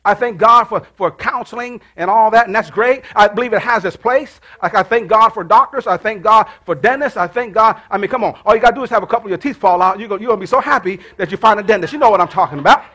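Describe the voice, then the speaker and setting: High-voiced preaching pastor. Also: male voice, fast, hardly any pauses. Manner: call-and-response preaching, rising to shouts and dropping to hushed prayer. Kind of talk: sermon. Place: church.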